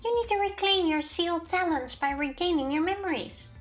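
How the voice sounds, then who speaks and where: A woman voicing a cutesy mascot character, reading game lines in a bright, sing-song way. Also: very high voice, brisk, soft background music, pitched above the performer's own voice. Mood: earnest.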